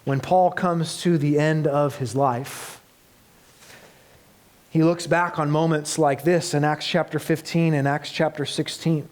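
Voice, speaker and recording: A man preaching a sermon as pastor, earnest, moving between loud emphatic passages and soft hushed ones. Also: fairly high pitch, steady tone, measured pace. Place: church.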